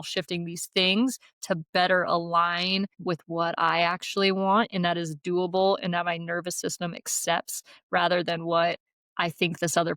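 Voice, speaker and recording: A woman's voice: lowish voice, fairly bright tone, no room sound. A young adult woman co-hosting a podcast in casual chat, candid and swearing freely. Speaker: podcast co-host.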